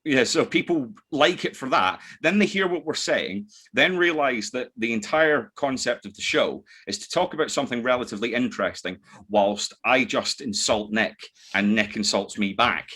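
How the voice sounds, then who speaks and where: A man's voice: mid-range voice, animated, sharp tone, husky. A man with a mixed Scottish accent, hosting a casual podcast chat full of joking and swearing. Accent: Scottish, mixed from living in many places. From Scotland. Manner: swearing, joking, quick banter with restarts. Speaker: podcast host. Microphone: desk mic.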